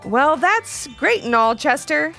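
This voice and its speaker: A woman's voice: high voice, very animated, takes it slowly, gravelly, sharp tone, soft background music, pitched above the performer's own voice, full character voice. A woman voicing a cautious father in a storybook, hesitant and wary. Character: cautious fatherly man, pilot.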